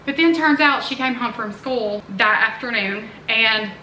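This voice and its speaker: Middle-aged woman, chatty vlogging mom, bright forward tone, roomy echo. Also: a little high, a little slow. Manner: chatty, earnest, rambling asides. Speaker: family vlogger, mother. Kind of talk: casual chatty vlog. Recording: roomy echo, faint background noise.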